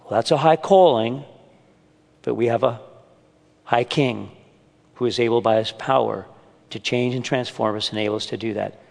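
A man's voice: medium pitch, normal speed, gravelly, long pauses, a little mellow. An older man preaching to a men's gathering at church, earnest and mixing in humorous family stories. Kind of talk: sermon. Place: church meeting room. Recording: long hall reverb.

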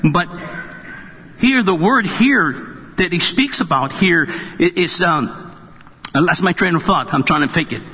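A man's voice: sits high, expressive, a little slow, long pauses, pushed and bright, a little hiss or hum. A man pastor preaching a sermon to a congregation, joking and conversational as he goes. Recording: long reverb of a large hall.

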